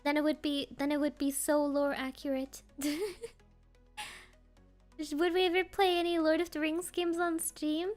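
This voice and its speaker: A woman's voice: high voice, flat delivery, measured pace, soft background music. A woman streamer chatting casually with her viewers, playful and rambling, often laughing.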